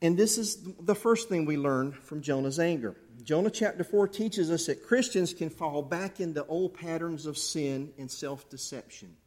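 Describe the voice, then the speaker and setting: A man preaching a sermon to his church, animated, acting out angry outbursts along the way. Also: on the high side, normal speed, hardly any pauses. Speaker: pastor. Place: church sanctuary.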